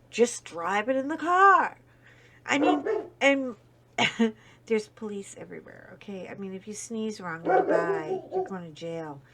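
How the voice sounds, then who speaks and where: A woman hosting a casual chat, a talkative storyteller full of asides and lively exclamations. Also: fairly high pitch, slight background noise. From United States. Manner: chatty storyteller, animated, wandering asides. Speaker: host. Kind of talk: casual chat while coloring.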